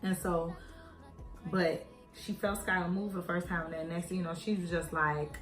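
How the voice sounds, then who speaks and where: A woman's voice: fairly low pitch, normal speed. A young woman casually telling a personal story to her viewers as she does her makeup, playing out other people's lines in voices. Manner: animated, acts out quoted voices, addresses viewers as y'all. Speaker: beauty vlogger. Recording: echoey room with faint music.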